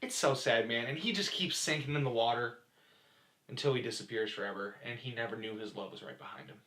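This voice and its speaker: A young man co-hosting a casual podcast, telling stories excitedly. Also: medium pitch, a little fast. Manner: excitable storyteller. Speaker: podcast co-host. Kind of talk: casual chat. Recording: echoey room, faint noise.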